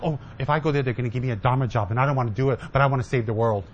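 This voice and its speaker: A man's voice: mid-range voice, very fast, muffled recording, a little hiss or hum, natural voice. A man mimicking a whiny, eager but lazy Dharma student who pleads for tasks. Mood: whiny pleading.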